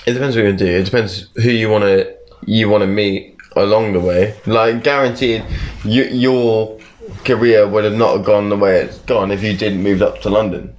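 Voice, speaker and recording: Male podcast host, lowish pitch, agreeable, quick affirmations. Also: fairly even intonation, a little mellow. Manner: agreeable, chiming in with short affirmations. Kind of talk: casual podcast chat.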